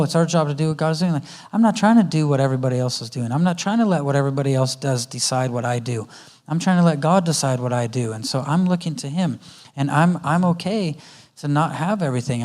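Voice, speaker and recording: A man's voice: mid-range voice, darkish tone. A man giving a parenting talk at a church conference, often acting out what a parent and child say to each other in different voices. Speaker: guest speaker. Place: church auditorium.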